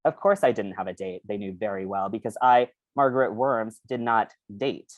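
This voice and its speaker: A man with a lowish voice gives a bookstore reading from his novel and then talks haltingly, with lots of fillers, about writing it. The recording has no room sound.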